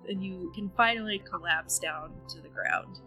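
A woman running a tabletop horror game as game master, narrating calmly with a wry edge. Her voice is bright, with faint music behind her. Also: fairly low pitch, normal speed, rough recording.

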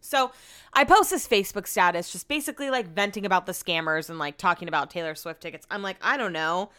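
A woman's voice: lowish voice, fast talker, sharp tone. A young woman hosting her podcast, casually telling a long story, chatty and swearing often. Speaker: podcast host.

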